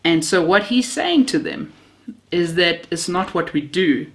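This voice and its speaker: A woman's voice: fairly low pitch, animated, measured pace, a bit bright. Woman preaching heartfelt stories. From Namibia. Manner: heartfelt, self-mocking humor, near tears at times. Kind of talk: sermon with personal stories.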